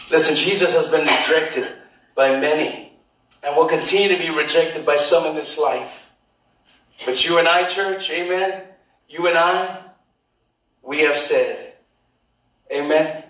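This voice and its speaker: A man preaching a sermon as pastor, calling for amens from the congregation and reading scripture slowly, word by word. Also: fairly high pitch, fairly even intonation, a bit bright. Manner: preaching with call-and-response, quoting scripture slowly. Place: church sanctuary. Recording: roomy church sound from a distant mic.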